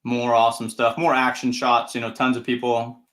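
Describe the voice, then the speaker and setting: A man's voice: mid-range voice, completely flat delivery, normal speed, a bit bright. A man who announces tractor pulls, hosting a casual livestream and telling upbeat, rambling stories. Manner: chatty, rambling, upbeat anecdotes. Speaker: tractor pull announcer and show host.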